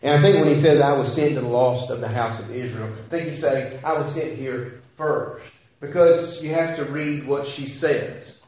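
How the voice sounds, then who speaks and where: A man's voice: medium pitch, moderate pace, darkish tone. A man preaching a sermon, talking conversationally with rhetorical questions and frequent restarts. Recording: echoey hall, dull lo-fi sound.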